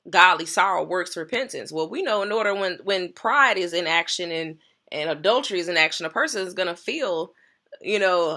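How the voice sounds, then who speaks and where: A woman's voice: on the low side, sharp tone. A woman pastor sharing a personal story in an earnest, emphatic way, repeating key phrases.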